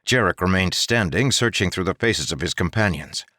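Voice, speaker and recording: A man narrating an audiobook in a steady reading voice. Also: sits low, a little fast, hardly any pauses, no room sound, studio quality.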